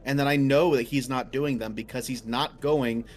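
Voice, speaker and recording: Speaking at normal speed with a steady mid-range voice, a man co-hosting a podcast rants casually about a coworker. He gets heated, swears, and acts out quoted lines loudly.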